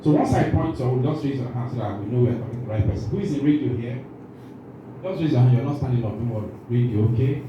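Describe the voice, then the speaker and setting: A man's voice: mid-range voice, quick pace, highs cut off, background noise. A man leading a training workshop, quizzing the room and joking, a little nervous, his voice shaking. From Nigeria. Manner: asks the room questions, jokes, self-interrupting. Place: large conference room. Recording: echoey room from far off.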